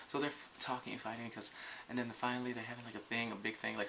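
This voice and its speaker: Young man with a gravelly, bright voice. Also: medium pitch, brisk, slight background noise. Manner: rambling, goes off on tangents, often laughs; acts out scenes in quoted voices. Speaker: video reviewer. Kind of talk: casual TV episode review.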